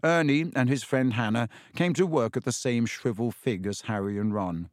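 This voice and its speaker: A man's voice: mid-range voice, normal speed, no room sound. Man narrating an audiobook, dry and close.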